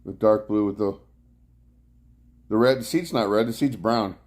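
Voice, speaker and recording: A man's voice: lowish voice, moderate pace, a little mellow. A man hosting a casual live stream from his couch at home, greeting viewers by name and rambling about his rides. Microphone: clip-on mic worn from bike riding.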